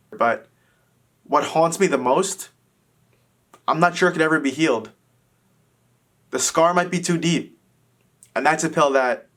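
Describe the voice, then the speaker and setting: A man's voice: on the high side, a bit bright. A man in his twenties telling a candid, self-deprecating personal story. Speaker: vlogger. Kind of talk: personal confessional monologue.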